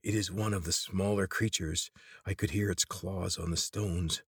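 A man voicing a wary, weary grown male traveler in a storybook reading, talking low and guarded. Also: fairly even intonation, normal speed, husky, dry recording, clean studio sound.

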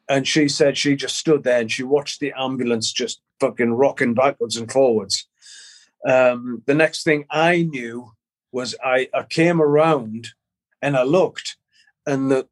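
A middle-aged man, a guest in an interview, telling a personal story in a halting way, repeating words and swearing casually. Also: mid-range voice. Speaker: guest musician.

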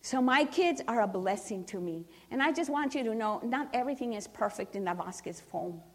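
Speaking fairly quickly with lively intonation and a voice on the high side, a middle-aged churchgoer gives her testimony during a service. She's earnest and frequently starts sentences over to stress a point.

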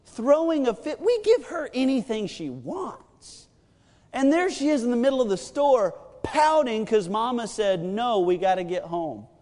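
A man in his thirties preaching a sermon, telling a family story with animated, acted-out quotes. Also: very high voice, unhurried, in a large hall. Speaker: pastor.

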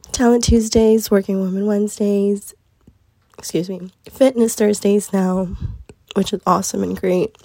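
Young woman, podcast host, groggy sick voice, husky, chatty with fillers, dry close recording. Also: medium pitch, warm tone, dry recording. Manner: earnest, chatty, lots of fillers. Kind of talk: casual solo podcast talk.

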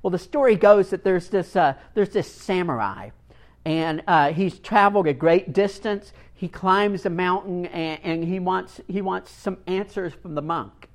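A male preacher delivering a sermon at a slow, deliberate pace. He leans hard on key phrases, dropping to near-quiet, then building to loud emphasis. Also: high voice. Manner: emphatic, swings from quiet to loud, long pauses.

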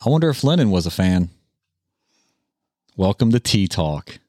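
A man's voice: sits low, sing-song, moderate pace, a little mellow, dry recording, studio quality. A man hosting a casual podcast chat, rambling along and tossing in random facts. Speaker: podcast host. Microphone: studio mic with headphones.

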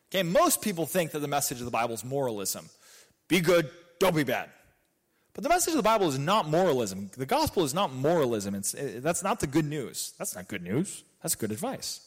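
A man preaching with a lively, swinging delivery. His voice sits a little high for a man, and he climbs to loud emphatic peaks before dropping into soft asides. It sounds like a pastor working through a sermon.

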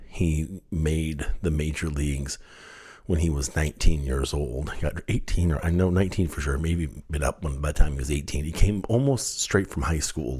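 Male podcast host, low and a little husky, lively self-deprecating storyteller. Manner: animated storyteller, laughs at himself. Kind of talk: storytelling monologue.

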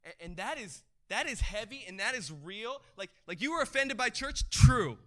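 A male pastor delivers a lively sermon in a strikingly high voice. His tone is bright and forceful. He trips over restarts in his excitement and often surges into shouting. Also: moderate pace. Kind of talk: energetic sermon.

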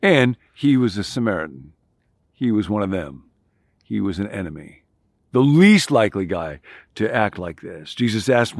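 A man's voice: fairly low pitch, sing-song, normal speed, dry recording, clean studio sound. A man preaching a sermon, building his points through emphatic repetition. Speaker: pastor.

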